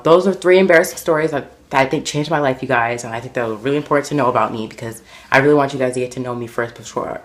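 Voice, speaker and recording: A man vlogging, telling embarrassing stories in an animated, dramatic way, full of fillers. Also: mid-range voice. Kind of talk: casual storytelling to camera.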